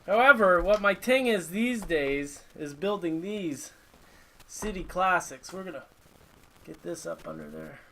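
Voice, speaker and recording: A man with a high voice chats loosely on a live stream from his home workshop. He rambles from topic to topic and greets viewers as he reads their comments. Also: measured pace, creaky, a bit bright, a little hiss or hum, poor audio. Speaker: host of a live model-building stream. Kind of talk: casual live-stream chat.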